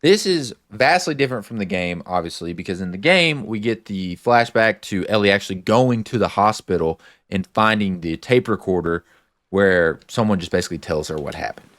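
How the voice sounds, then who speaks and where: A man's voice: lowish voice, expressive, moderate pace, a bit bright, dry recording, studio quality. A man casually recapping a TV episode, retelling scenes with lots of "like"s and adding his own opinions. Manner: chatty, many filler "like"s, retells scenes then gives opinions. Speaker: show recap host.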